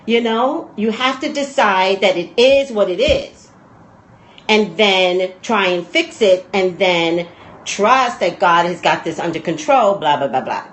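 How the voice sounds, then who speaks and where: A woman's voice: mid-range voice, expressive, measured pace, poor audio. A woman hosting a casual talk show, rambling and chatty, and she often breaks into laughter. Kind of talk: casual chat.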